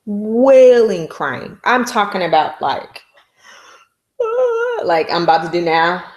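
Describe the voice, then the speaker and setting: A woman's voice: lowish voice, wildly swooping pitch, unhurried. A woman vlogger telling a personal story in casual, candid, emotional slang.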